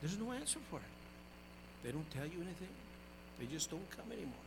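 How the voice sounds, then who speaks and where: An older man preaching a sermon as pastor, his voice swinging from loud exclamations down to quiet asides. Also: fairly high pitch, very animated, moderate pace, creaky, background noise.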